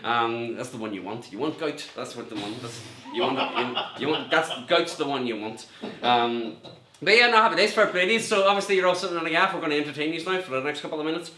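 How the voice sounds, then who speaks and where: A middle-aged Northern Irish stand-up comedian rambles through a self-mocking set from a room at home with a mirror, laughing at his own jokes. His slightly high voice is bright and forceful, and he talks fast. The room is echoey with faint background noise.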